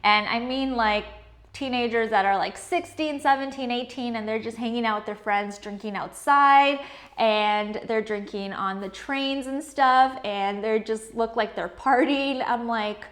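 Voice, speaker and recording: A woman's voice: a little high, measured pace, a bit bright. A woman from Canada, talking casually to camera in a chatty, filler-heavy way. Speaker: vlogger.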